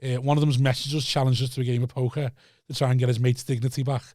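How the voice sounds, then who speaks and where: A man's voice: medium pitch, fast talker, no room sound, clean studio sound. A man co-hosting a podcast, telling a story in casual chat, swearing freely and acting out the quotes. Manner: swears freely, acts out quotes with lively voices. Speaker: podcast co-host.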